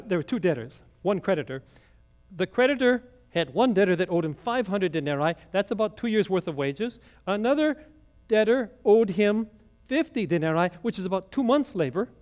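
A man preaching a sermon, retelling a gospel story with conversational asides to the congregation. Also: high voice. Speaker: pastor.

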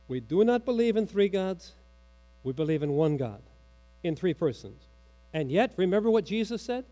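A high-pitched, warm male voice carries this pastor's sermon. He questions his listeners, quotes from the catechism, and lowers his voice dramatically to stress key points.

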